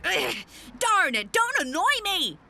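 A shy, lonely cartoon boy who keeps apologizing. He sounds very high and speaks slowly, and his voice swoops up and down as he pleads. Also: big pitch swings, creaky, noisy background, exaggerated voice. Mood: annoyed. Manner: pleading, tearful. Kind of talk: cartoon dub.

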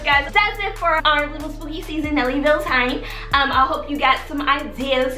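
The voice is high with a sharp tone. Filming a casual advice vlog at her home in Texas, this channel host chats straight to her audience, dropping "okay?" constantly, while faint music plays in the roomy space.

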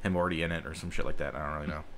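A young man hosting a casual gaming session, excitable, shouting and laughing at the game. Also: rumbling low, rapid-fire, noisy background. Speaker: gaming channel host. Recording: game music behind.

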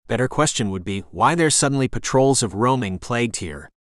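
A male narrator plays a cocky young dragon shifter in an audiobook, wry and teasing. The voice is mid-pitched, and the recording is dry with no room sound. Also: animated, brisk, no room sound, natural voice.

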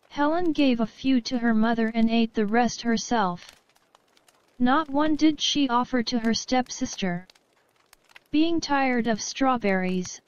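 A woman reads a children's fairy tale aloud at a very slow, unhurried pace. Her voice sits a little high, and she keeps the reading even and steady. The recording is dry and slightly muffled. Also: no room sound. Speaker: narrator. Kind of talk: slow storybook narration.

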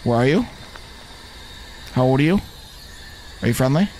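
A young man streaming a video game with excited, animated commentary, often firing the same questions again and again. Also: mid-range voice, normal speed, slight background noise. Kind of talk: live gameplay commentary.

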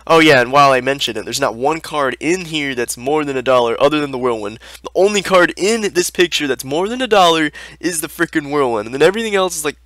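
A man's voice: fairly high pitch, animated, quick pace, a bit bright, no room sound. A young man giving sarcastic, exasperated commentary as a video host, ranting over screen listings. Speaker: YouTube host reviewing card listings.

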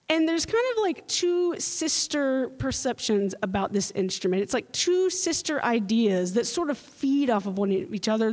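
A young woman giving a playful, animated panel talk as a trombonist at a convention. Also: a little high. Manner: animated, playful, mimics voices. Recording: reverberant hall.

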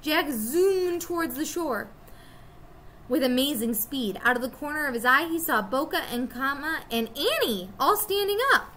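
A woman teacher reading a children's chapter book aloud to her students, expressive and storytelling. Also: high voice, moderate pace, slight background noise.

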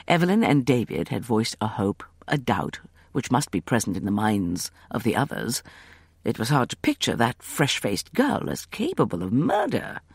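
A man narrating an audiobook novel in a measured storytelling manner, close to the microphone. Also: mid-range voice, huge pitch swings, vocal fry, husky, no room sound.

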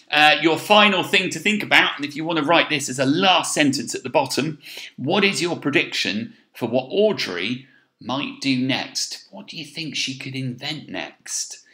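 A male primary school teacher gives a recorded remote reading lesson. He is encouraging, thinks out loud, and checks in with "okay?". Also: mid-range voice, roomy sound. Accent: English.

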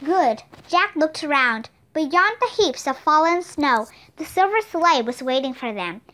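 A woman narrating a children's storybook with steady, expressive reading. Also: sits high, measured pace. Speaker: audiobook reader.

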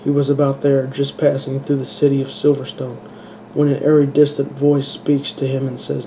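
Monotone man reading his own story. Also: medium pitch. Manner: halting, restarts words. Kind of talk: amateur audiobook reading. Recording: dull lo-fi home recording with faint hiss.

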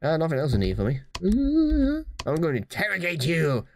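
Deadpan man joking through a game. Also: fairly high pitch, moderate pace, hardly any pauses, a little hiss or hum. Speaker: gamer playing a horror game. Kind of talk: let's play commentary.

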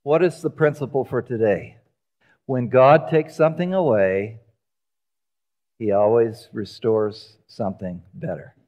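A man preaching a sermon in a church, telling the story with lively acted-out voices. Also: medium pitch, a little slow, muffled recording. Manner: animated storytelling, acting out quoted voices. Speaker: pastor. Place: church sanctuary.

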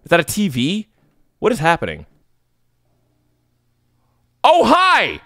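A man playing a horror game and commenting nervously, yelling when scared and joking to cover his fear. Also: high-pitched, huge pitch swings, takes it slowly, no room sound, clean studio sound. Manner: yells and screams when scared. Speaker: let's play gamer.

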